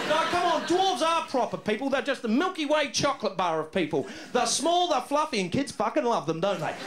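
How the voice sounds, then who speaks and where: A man doing a stand-up comedy set on a club stage, loud and excitable, swearing freely and working the crowd. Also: very high voice. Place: comedy club stage in front of a live audience. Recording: roomy club sound with crowd laughter.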